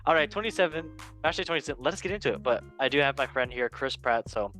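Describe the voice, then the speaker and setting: A man's voice: mid-range voice, expressive, fairly bright tone, faint music behind. Playful man hosting a sports show. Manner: playful, joking, quick asides. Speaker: host. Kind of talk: casual sports show chat.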